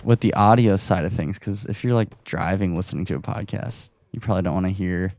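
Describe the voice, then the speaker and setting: A man's voice: sits low, brisk, darkish tone. A man hosting his own podcast, chatting casually and laughing at himself, a bit out of breath, recorded in his room at home. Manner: chatty and self-deprecating, laughing often. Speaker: podcast host. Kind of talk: casual solo podcast while gaming.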